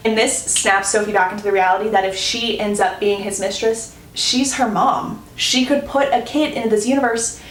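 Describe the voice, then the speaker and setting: A woman's voice: medium pitch, steady tone, moderate pace. A woman giving a chatty, casual book recap and talking straight to her viewers. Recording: echoey room, faint hum.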